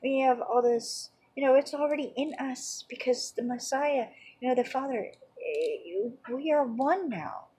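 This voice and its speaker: A woman with a slightly high, husky voice teaches an informal Bible lesson. She talks in a loose, rambling way and leans on "you know" and "um" as she goes. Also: measured pace, mellow, rough recording.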